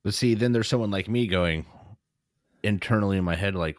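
A man's voice: on the low side, brisk, no echo, studio quality. A man co-hosting a casual podcast, teasing and cracking jokes at his partner. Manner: teasing, wisecracking. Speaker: podcast co-host. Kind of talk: joking casual chat.

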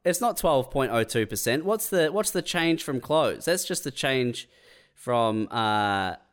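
A man's voice: medium pitch, lively intonation, measured pace, fairly bright tone. A man co-hosting a podcast, teasing his friend and pressing him with follow-up questions. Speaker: podcast co-host. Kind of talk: casual chat.

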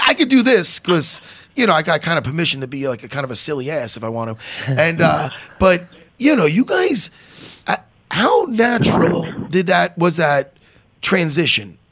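A man's voice: sits high, sing-song, moderate pace, fairly bright tone. A man hosting a podcast, chatting casually and rambling with self-deprecating jokes and swearing. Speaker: podcast host. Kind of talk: casual interview chat.

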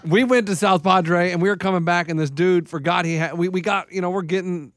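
A man's voice: high-pitched, fairly quick, a bit bright, no room sound. A man from Texas co-hosting a radio show, trading teasing banter and rambling stories in casual studio chat.

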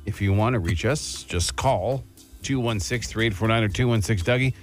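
A man's voice: fairly low pitch, normal speed, soft background music. A man hosting a morning radio show, teasing his co-hosts in casual banter and reading station promos. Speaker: radio host.

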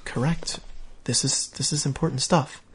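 A man's voice: medium pitch, steady tone, moderate pace, breathy edge. A man co-hosting a casual chat, recapping a show and acting out the characters' lines in a raised voice.

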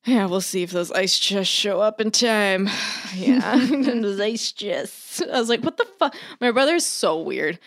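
A woman's voice: medium pitch, lively intonation, slow, hardly any pauses. Chatty, profane young woman storyteller. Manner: chatty, profane storyteller who acts out family members. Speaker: podcast co-host. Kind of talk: casual chat.

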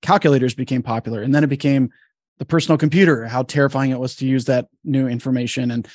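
A man in his thirties, a podcast guest, thinking through a point in a measured way. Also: mid-range voice, fairly even intonation, a little mellow, no room sound, clean studio sound. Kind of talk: casual panel chat.

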